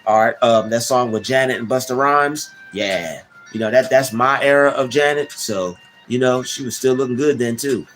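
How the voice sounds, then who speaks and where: A man's voice: mid-range voice, normal speed, hardly any pauses. A man hosting a casual livestream, rambling with many restarts and slang fillers while reading the chat. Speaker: livestream host. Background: soft background music.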